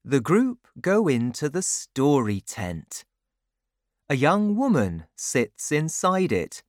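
A woman reads a children's storybook aloud, taking her time over every word. Her voice sits low but moves up and down expressively. The sound is close and dry, with no room around it. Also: big pitch swings, a little mellow, no echo. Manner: slow, clear, carefully paced reading. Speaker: narrator.

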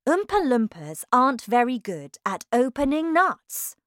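A woman voicing a brisk, eccentric grown man who runs a chocolate factory. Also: high-pitched, sing-song, no room sound, studio quality, pitched above the performer's own voice. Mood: explaining.

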